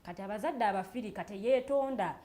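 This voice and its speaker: A woman's voice: medium pitch, fast talker, dark tone. A woman with a Ugandan accent co-hosting a casual panel chat. She lays out her views reflectively and at length, mostly in Luganda with some English. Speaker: co-host.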